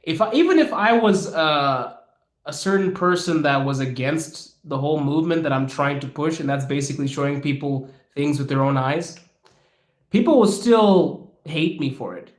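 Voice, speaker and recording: Echoey, animated male podcast host. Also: a little high, moderate pace. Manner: animated, acts out quoted people with laughs. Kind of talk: casual Q&A monologue. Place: lives in Russia.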